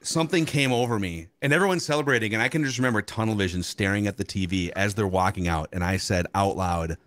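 A man with a low voice hosts a casual sports chat. He sounds relaxed as he asks questions and tells stories, recorded dry with no room sound. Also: fast, dry recording.

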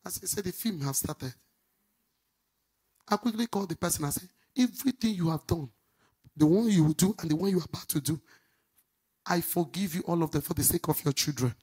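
A middle-aged woman pastor preaching a sermon, swinging from loud outbursts to quiet asides. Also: a little fast, pauses often, slightly rough. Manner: animated preaching, swinging between shouts and low asides.

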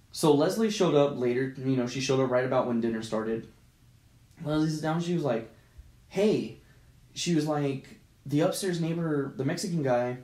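A man's voice: mid-range voice, a little mellow. A man co-hosting a casual podcast, retelling a story with lots of swearing and acted-out quotes. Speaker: podcast co-host. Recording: roomy echo.

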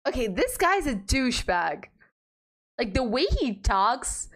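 A woman's voice: fairly high pitch, very animated, measured pace. A woman streamer giving casual, blunt commentary on a game, swearing freely and laughing often.

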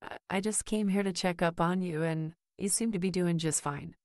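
A woman voicing a polite, nervous young man who volunteers at a hospital. He speaks quietly and hesitantly. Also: lowish voice, normal speed, no room sound, clean studio sound, natural voice.

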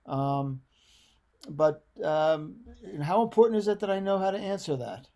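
Male workshop attendee on a video call, raised pitch, mellow and hesitant. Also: expressive. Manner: hesitant, halting. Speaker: aspiring writer asking a question.

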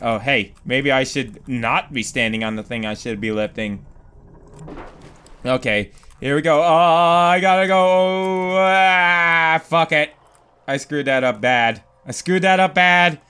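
A young man commentating a video game as he plays, swearing, panicking loudly and laughing at himself. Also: medium pitch, a little slow, smooth. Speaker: gaming commentator. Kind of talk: let's play commentary. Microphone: desk microphone.

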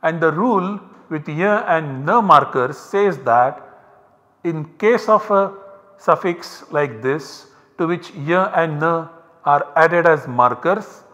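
A man giving a university lecture, explaining step by step in a slow, methodical way. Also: a little high, lively intonation, fairly bright tone, big-room sound, highs cut off.

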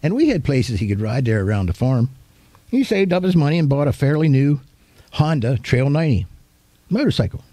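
An older man preaches in an easygoing, homespun storytelling style, his voice warm and mellow. He retells his memories vividly and with animation. The sound is dry and close, with no room around it. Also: medium pitch, sing-song, brisk, no room sound. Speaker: pastor. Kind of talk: storytelling sermon.

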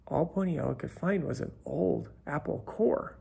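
A man reading a children's picture book aloud, unhurried, often dropping to a whisper. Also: a little high, gravelly, warm tone, slightly rough. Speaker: storybook reader. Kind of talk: children's story read aloud.

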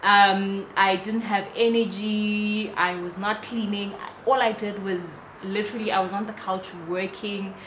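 A young South African woman vlogger with a South African accent, telling a personal story in a chatty, animated way. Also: medium pitch, a little slow, hardly any pauses. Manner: animated, chatty, restarts sentences. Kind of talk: casual storytelling to camera. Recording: roomy room with faint ambient noise.

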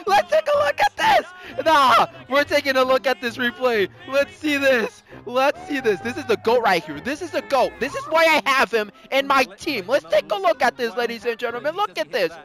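A gamer giving excitable let's play commentary, yelping at near misses and dropping Spanish exclamations into English. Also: sits high, moderate pace, few pauses. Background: faint background music.

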